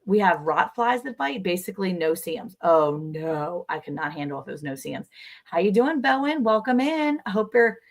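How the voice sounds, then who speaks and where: Chatty woman with a lowish voice. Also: moderate pace. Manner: chatty, animated storytelling. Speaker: livestream co-host. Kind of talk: casual chat.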